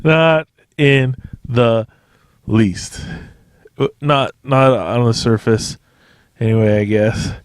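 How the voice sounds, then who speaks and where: A man's voice: mid-range voice, takes it slowly, pauses often, smooth, no room sound, clean studio sound. Profane rambling male podcaster. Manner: profane, digressive, laughs often. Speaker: podcast host. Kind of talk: rambling solo podcast monologue.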